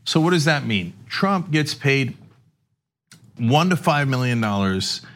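A man's voice: medium pitch, fairly bright tone. A male podcast host in casual political chat, explaining at length with sarcastic asides. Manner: explanatory, sarcastic, acts out quoted speech.

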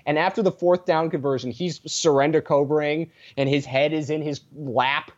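A man's voice: a little high, steady tone, normal speed. A man chatting as a podcast guest, rambling through tangents with a sarcastic sense of humor. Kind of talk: casual podcast chat. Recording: dull lo-fi sound.

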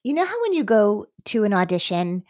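A woman's voice: medium pitch, sing-song, fairly quick, a little mellow. Woman host asking questions. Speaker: podcast host. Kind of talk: casual interview chat.

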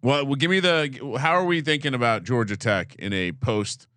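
A man co-hosting a sports betting podcast, joking, animated and swearing freely in casual chat. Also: medium pitch, normal speed, no room sound. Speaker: podcast co-host.

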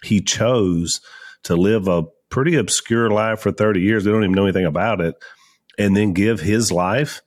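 Low-voiced man co-hosting casually. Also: moderate pace. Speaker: podcast co-host, son. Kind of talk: casual talk and read ad.

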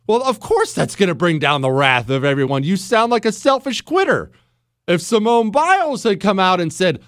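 A man hosts a radio show with a blunt, lecturing delivery and a lively, swooping pitch. His voice is fairly high for a man. The studio mic sound is dry and close. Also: moderate pace, dry recording. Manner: blunt, lecturing, acts out other people's voices. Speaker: radio talk show host. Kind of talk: opinionated talk radio monologue.

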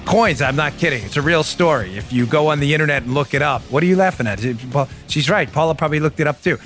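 A man's voice: on the high side, expressive, fast, fairly bright tone, faint music behind. A man hosting a political talk show, emphatic and combative, speaking straight to his listeners and reading ads.

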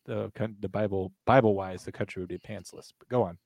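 A man's voice: lowish voice, fairly even intonation, fairly quick, creaky, darkish tone, no room sound. A man co-hosting a true crime podcast in casual chat, full of dry mock-serious jokes. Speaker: podcast co-host.

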